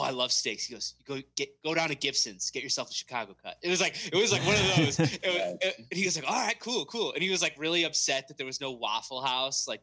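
A man's voice: medium pitch, pushed and bright. A young man retelling stories animatedly as a podcast co-host in a casual sports chat.

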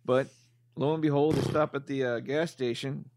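A man's voice: mid-range voice, steady tone, moderate pace, a little mellow, no room sound. A man tells a movie plot with exasperation and a lot of swearing. His voice sits in a middle range and sounds close and dry. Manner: exasperated, profane storytelling. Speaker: podcast co-host. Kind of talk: casual movie-recap banter.

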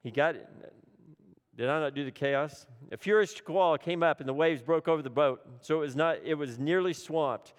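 A man preaching a sermon with dramatic swings between urgent, loud lines and hushed, low ones, repeating phrases for emphasis. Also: moderate pace, clean tone. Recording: long hall reverb.

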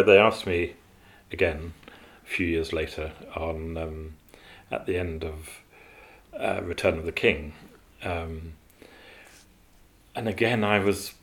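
A man with a very low voice recalls his years as an animator in a relaxed interview. He wanders through his stories, trailing off with ums and starting over mid-sentence. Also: a little slow. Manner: rambling, with many fillers and restarts. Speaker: animator guest. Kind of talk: interview storytelling.

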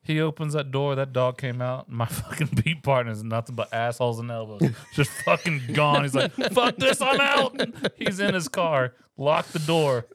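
A male podcast co-host and police officer, telling profane, animated stories in casual chat. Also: mid-range voice, moderate pace, few pauses. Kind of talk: casual storytelling over drinks.

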